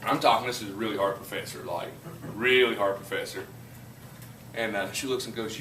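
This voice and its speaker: A man's voice: lowish voice, steady tone, fairly quick, bright, forceful tone, echoey room, recorded from a distance, a little hiss or hum, rough recording. A man with a southern West Virginia accent, a chemistry teacher telling rambling, folksy stories to his class and lecturing. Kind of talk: casual classroom storytelling and lecture.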